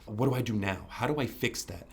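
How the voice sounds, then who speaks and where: A man's voice: mid-range voice, brisk, husky. A man as a podcast guest, talking candidly and earnestly, repeating himself with many "you know"s and casual swearing. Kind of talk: candid interview conversation.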